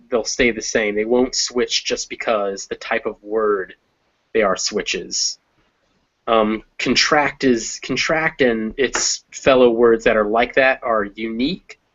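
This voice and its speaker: Male English teacher, mid pitch, explains slowly with thinking pauses; slightly dull recording. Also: fairly bright tone. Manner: explains step by step, pausing to think with many ums. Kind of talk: conversational language lesson.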